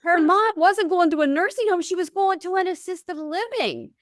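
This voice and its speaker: A woman's voice: very high voice, expressive, normal speed, dry recording, clean studio sound. A woman hosting a caregiving podcast, earnestly explaining with client stories and statistics. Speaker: podcast host, nurse. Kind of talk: interview conversation.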